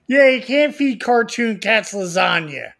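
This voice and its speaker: A man's voice: high voice, expressive, measured pace, gravelly, fairly bright tone. A man with a Philadelphia accent, co-hosting and rambling in casual chat with lots of swearing. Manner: rambling, swears, laughs easily. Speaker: podcast co-host.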